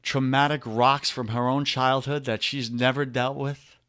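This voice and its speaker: A man with a New York accent, speaking as a podcast guest and men's coach in an energetic, preachy way, often calling the listener brother. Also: mid-range voice, a little slow, clean tone, dry recording, clean studio sound. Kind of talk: energetic motivational talk.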